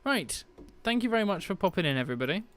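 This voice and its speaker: A man's voice: high voice, big pitch swings, quick pace, a bit bright. A man from Britain chatting on a live stream as he shuts down a sim aircraft, laughing often and answering his chat.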